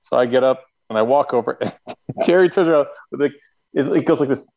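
A man's voice: mid-range voice, brisk, creaky, a little mellow, dull audio. A man on a podcast telling a funny story in casual chat, laughing as he goes. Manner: laughs through his own stories. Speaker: podcast co-host.

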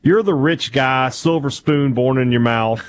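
A man's voice: mid-range voice, a little slow, a little hiss or hum. A man with a Southern American accent co-hosting sports radio, self-deprecating and often stumbling over repeated restarts. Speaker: sports talk radio co-host. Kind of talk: casual sports radio banter.

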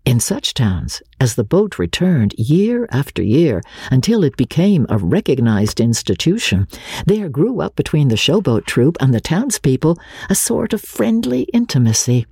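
Male audiobook narrator, mellow husky tone, animated pitch, expressive literary reading. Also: normal speed, dry recording, studio quality.

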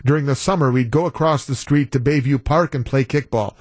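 A man's voice: mid-range voice, fairly quick, a little mellow, no echo, clean studio sound. A man guest-hosting a talk radio show, telling a story in a wry, incredulous way. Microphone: studio broadcast mic.

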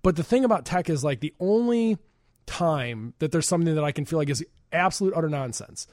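Joking chatty host guy from chicago suburbs, kinda high voice, dry close mic. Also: animated, brisk, a little mellow, dry recording. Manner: joking, rambling, laughs a lot. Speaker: show host. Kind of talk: casual talk-show chat.

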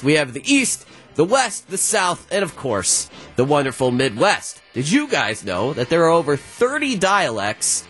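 A man, presenting a playful morning show segment with animated, jokey delivery. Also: a little high.

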